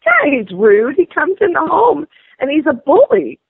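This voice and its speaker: A woman's voice: high-pitched, wildly swooping pitch, normal speed, gravelly, no echo. Woman, indignant, swearing, phone-line audio, dry. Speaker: prank call target, angry customer. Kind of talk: phone call complaint.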